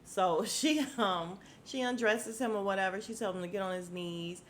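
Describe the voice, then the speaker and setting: A woman's voice: mid-range voice, normal speed, slight background noise. A woman hosting a podcast, recapping a TV episode in a casual, slangy way, acting out the characters' lines and laughing often.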